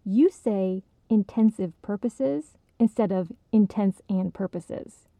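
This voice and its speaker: A woman voicing a patient young woman who gently corrects her friend with amusement. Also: mid-range voice, takes it slowly, vocal fry, dry recording. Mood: correcting.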